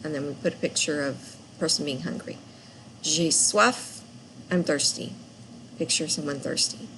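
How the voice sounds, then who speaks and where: A woman French teacher recapping a lesson for students, speaking patiently and repeating phrases clearly. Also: sits low, normal speed, fairly bright tone, a little hiss or hum, low-quality recording.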